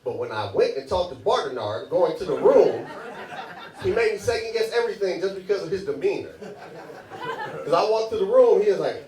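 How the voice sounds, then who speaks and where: A man's voice: high voice, animated, fairly quick. A man doing a stand-up comedy set on a club stage, loose and chatty, laughing at his own jokes. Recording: echoey club, mic at a distance, crowd.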